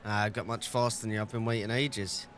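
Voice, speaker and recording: A man's voice: fairly low pitch, little pitch movement, fast talker, a bit bright, slight background noise, close to an everyday voice. A man voicing a boastful boy in a game, reading his lines aloud casually. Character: cocky young boy hunter, boastful.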